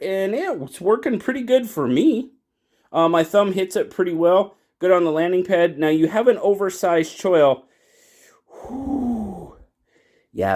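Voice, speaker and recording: A man's voice: on the high side, a little mellow. A man hosting his own channel, chatting enthusiastically through a casual product review and exclaiming over the details. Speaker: knife reviewer and channel host.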